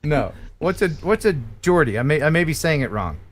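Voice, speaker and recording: A man's voice: a little high, fairly quick. An American man hosting a live-stream quiz, laughing and chatty as he reads out words. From United States. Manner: lively, laughing quizmaster. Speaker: host.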